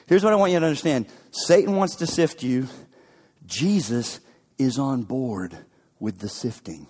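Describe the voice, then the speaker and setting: A male pastor giving a sermon, swinging between loud emphatic bursts and near-whispers and repeating key phrases for emphasis. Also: fairly high pitch, animated, unhurried, breathy edge. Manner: dramatic swings from shouts to whispers. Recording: long hall reverb.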